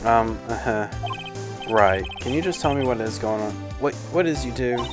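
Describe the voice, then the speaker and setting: A man's voice: medium pitch, moderate pace, close to an everyday voice. A flustered young defense lawyer who stumbles through awkward questions, read by a man in a voice close to his own. He sounds earnest, with game music playing behind him.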